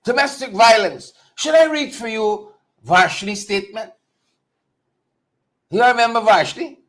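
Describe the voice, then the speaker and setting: High-voiced man commenting live. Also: measured pace. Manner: animated, talks straight to viewers and mocks. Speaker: host of a political talk show. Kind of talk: casual live-stream commentary.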